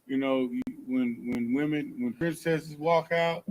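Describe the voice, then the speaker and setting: A man's voice: medium pitch, unhurried, a little mellow, poor audio. A man in a casual group teaching session, adding comments and backing up the main speaker. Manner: affirming, interjecting.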